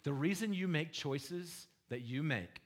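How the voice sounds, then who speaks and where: A man's voice: fairly high pitch, animated, a little slow. Joking, conversational male preacher. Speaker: pastor. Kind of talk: sermon.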